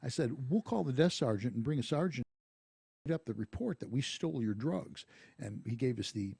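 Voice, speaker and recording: A man hosting a radio talk show, telling a police story in a lively, laughing way. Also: medium pitch, moderate pace, creaky, breathy edge, no echo, studio quality. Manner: storytelling, animated, laughs often. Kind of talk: casual radio chat, anecdote telling. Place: radio studio.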